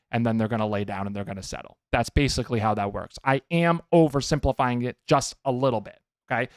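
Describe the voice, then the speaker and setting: A man's voice: medium pitch, quick pace, no echo, clean studio sound. A man who trains dogs, hosting a podcast and giving emphatic advice, often checking in with listeners. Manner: emphatic, keeps checking in with "okay?". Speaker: dog trainer, podcast host. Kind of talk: casual advice talk.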